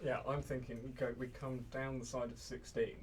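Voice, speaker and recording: A man in casual chat at a tabletop game, calmly talking through what to do next. His voice is mid-pitched and sits well back from the mic. Clear background hiss runs under it. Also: moderate pace. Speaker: player. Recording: distant mic with noticeable noise.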